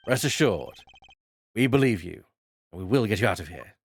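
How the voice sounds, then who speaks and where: A man voicing a composed, refined male prosecutor in a fan dub of a game, speaking in a measured, formal way. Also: fairly low pitch, lively intonation, husky, soft background music. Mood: reassuring.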